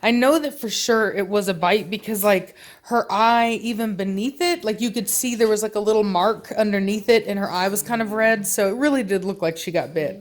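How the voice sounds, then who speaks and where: In a casual home vlog shot in her living room, a woman who breeds and trains dogs rambles about her dogs with plenty of fillers, then switches to firm, short commands for one of them. Her voice is medium-pitched and brisk with hardly any pauses, and there's slight background noise.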